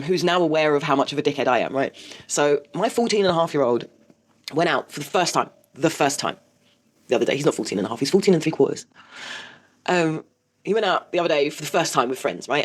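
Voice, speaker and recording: A woman in her forties talks straight to the camera in a casual vlog. She rattles through her story at a quick clip. She is blunt and swears freely. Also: low voice. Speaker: vlogger host.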